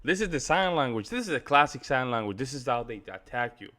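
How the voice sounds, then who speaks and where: A man's voice: mid-range voice, big pitch swings, fast, bright, forceful tone. A man commenting on a debate clip for his viewers, emphatic and repeating his points. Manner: emphatic, repetitive, addressing viewers. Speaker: reaction video host. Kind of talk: reaction commentary.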